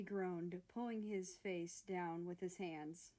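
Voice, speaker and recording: A woman reading fan fiction aloud as narrator. She keeps a steady, even storytelling delivery, voicing the prose between the characters' lines. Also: fairly low pitch, takes it slowly.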